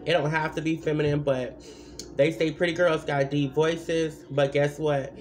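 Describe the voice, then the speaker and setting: A woman's voice: sits low, fairly even intonation, normal speed, slight background noise. A woman giving blunt, rambling advice in a casual vlog, full of asides and repeated points. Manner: repeats points with many fillers.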